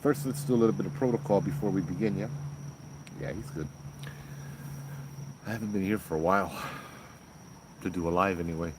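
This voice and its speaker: A man's voice: sits low, brisk, long pauses. A man hosting a live ghost story stream outdoors at night, chatting casually and greeting viewers by name. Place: outdoors at night in a rural spot. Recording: outdoor night noise, crickets. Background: crickets and insects.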